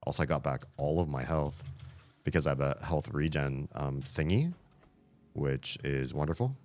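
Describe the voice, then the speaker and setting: Deep-voiced man narrating his gameplay. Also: moderate pace. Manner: excitable, jokey, reads in-game emails aloud. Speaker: gaming streamer. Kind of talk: let's play commentary.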